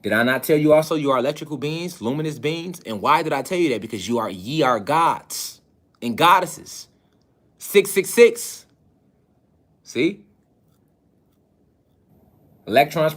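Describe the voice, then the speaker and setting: A man with a fairly high-pitched voice delivers a spiritual lecture to an online audience. He talks insistently and keeps throwing rhetorical questions at his listeners, pressing them to see his point. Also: animated, unhurried, pauses often. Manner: emphatic, insistent.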